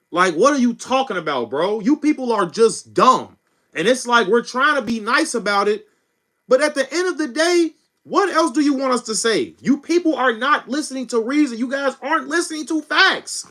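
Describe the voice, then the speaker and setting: A man's voice: extremely high pitch, expressive, normal speed, bright, forceful tone. A man hosting a political livestream, ranting at chat in a scornful, insulting way and tacking "bro" onto his lines. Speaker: livestream host. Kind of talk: heated political livestream rant.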